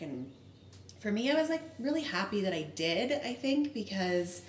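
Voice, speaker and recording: A woman's voice: medium pitch, animated, normal speed. A woman in her thirties telling a personal story in casual chat, candid and emotional. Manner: candid, emotional, acts out quoted dialogue. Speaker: podcast co-host sharing her story. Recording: echoey room with faint noise.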